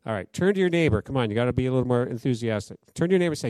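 Talking rapidly in a mid-range voice, a pastor preaches a sermon, tells a story and urges his congregation to answer back in lively call-and-response. There's no echo on the recording.

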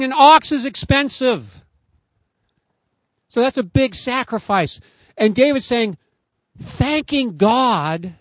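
A man preaching outdoors in a high, clear voice, earnest and emphatic as he builds each point. The sound is close and dry, with no room around it. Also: a bit bright, dry recording. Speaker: pastor. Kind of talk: sermon.

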